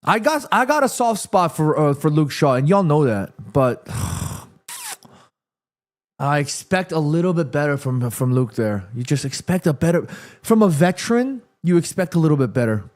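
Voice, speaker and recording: A man hosting a live football watchalong, reacting excitedly to the play and reading viewer comments aloud. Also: fairly high pitch, moderate pace. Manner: chatty, addresses viewers and reads their comments. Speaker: watchalong host.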